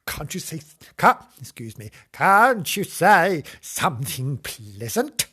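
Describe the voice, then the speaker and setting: A strange old woman, possibly a witch, speaks in a slow, high, tired quaver. A man puts her on, and a husky breathiness clings to every word. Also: very animated, sharp tone, full character voice. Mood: weary pleading.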